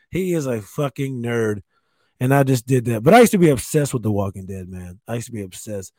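A man's voice: mid-range voice, lively intonation, moderate pace, long pauses, warm tone, dry recording. A man in his thirties hosting a casual solo podcast from a spare bedroom at home, rambling and swearing with self-mocking humor. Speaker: podcast host.

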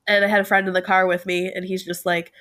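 A woman guest, a cosplayer from Connecticut, telling a story in an animated way and laughing often. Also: on the low side, quick pace. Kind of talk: casual podcast chat.

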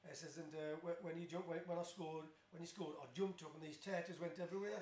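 Fast-talking Black Country man in a roomy echo. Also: on the high side, steady tone, darkish tone, a little hiss or hum. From Tipton, West Midlands of England. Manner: rambling, lots of restarts and "as I say", laughs through stories. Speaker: guest, former footballer. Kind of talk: casual storytelling interview.

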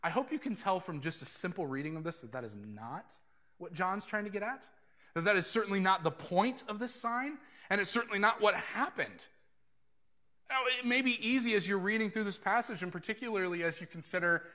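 A man delivers a sermon with a bright, forceful tone pitched a little high. He talks casually with his listeners and keeps acting out quoted speakers in a lower voice. It sounds like a pastor at a church. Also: lively intonation, brisk. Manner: conversational, drops into quoted voices.

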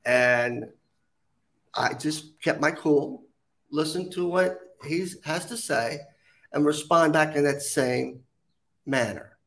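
A man's voice: a little high, takes it slowly, pauses often. A middle-aged man, a podcast guest, telling stories and acting out the voices of others. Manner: animated, acts out quoted voices. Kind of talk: storytelling in an interview.

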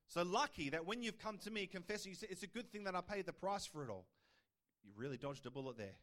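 A man delivers a sermon in a casual, conversational way. His voice sits fairly high, and he often checks in with the listeners through rhetorical questions. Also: animated, quick pace, fairly bright tone. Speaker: pastor.

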